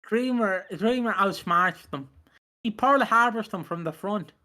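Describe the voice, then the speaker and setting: A man's voice: high voice, a little slow. A man co-hosting a casual wrestling podcast, retelling matches and acting out the people in them, with plenty of swearing. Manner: animated retelling with acted-out voices, sweary. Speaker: podcast co-host. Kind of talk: casual wrestling review chat.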